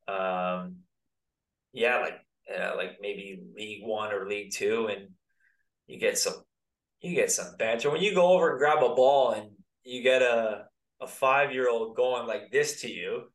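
A man's voice: on the low side, fairly bright tone. American guy in his 30s rambling casually, lots of like and dude, sounds a bit far off in an echoey room. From United States. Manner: laid-back, rambling, full of "like" and "dude". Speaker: guest, former pro soccer player. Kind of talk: casual interview chat. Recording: roomy, distant mic.

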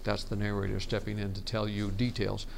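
A man teaching a workshop on storytelling in a relaxed seminar style, talking casually and often restarting his sentences. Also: lowish voice, a little fast, vocal fry. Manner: chatty, frequent restarts and laughs. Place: conference meeting room.

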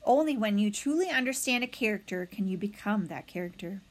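A woman's voice: mid-range voice, expressive, fairly quick, lightly acted. A woman voicing a theatrical female opossum who is proud of her acting, talking in a dramatic, self-assured way.

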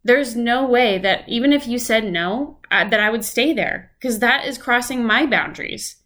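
A woman's voice: fairly high pitch, normal speed, fairly bright tone. A young woman co-hosting a podcast, talking in an open, heartfelt way with many fillers. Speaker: podcast co-host. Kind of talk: casual chat.

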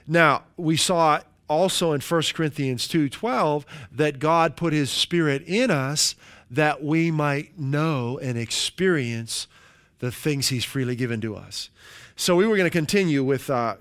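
A man preaching a sermon as pastor, leading his congregation through slow, emphatic call-and-response lines. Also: a little high, a bit bright.

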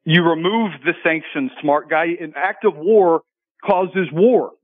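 A man's voice: on the high side, takes it slowly, no echo. Argumentative male caller on a tinny phone line. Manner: argumentative, reads out figures, talks over the host. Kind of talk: heated call-in radio argument.

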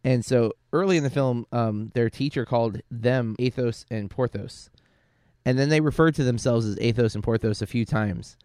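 A podcast co-host talks through a film in a casual, rambling manner, often correcting himself and using fillers. His mid-range voice is a little mellow at a moderate pace, recorded at studio quality with no room sound.

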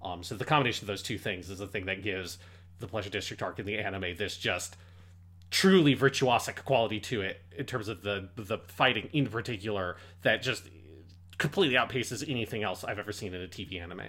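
A man's voice: fairly low pitch, a little fast, a bit bright. A man co-hosting a casual podcast about anime, talking enthusiastically with frequent swearing and restarts. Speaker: podcast co-host.

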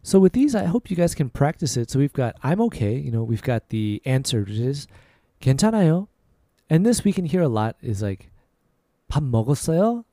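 A man hosting a language-lesson podcast, easygoing and clear, repeating short phrases slowly for learners. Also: medium pitch, sing-song, warm tone, no room sound, clean studio sound. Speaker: Korean language podcast host.

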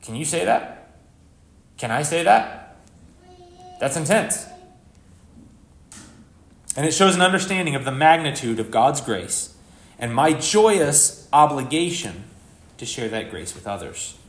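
A man preaching a live sermon as pastor, earnest and conversational, with sudden rises in pitch and volume for emphasis. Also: expressive, a little slow, pauses often. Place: church sanctuary. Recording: echoey church hall.

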